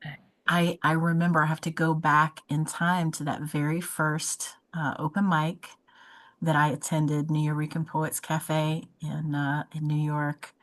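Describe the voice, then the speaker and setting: A woman's voice: low-pitched, little pitch movement, a little slow, low-quality recording. A woman hosting an interview show, talking in an effusive, chatty way with frequent restarts. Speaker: podcast host. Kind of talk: casual interview chat.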